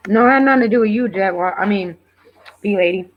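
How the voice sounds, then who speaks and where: A woman's voice: medium pitch, fast talker. Woman on a dull lo-fi stream mic. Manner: relaxed, chats back to viewers by handle. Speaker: stream co-host. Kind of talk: casual live-stream chat. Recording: dull lo-fi mic with faint noise.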